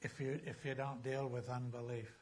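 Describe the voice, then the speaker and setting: A man preaching a sermon as a pastor, emphatic, slowing down to read scripture aloud. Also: mid-range voice, little pitch movement, darkish tone, husky.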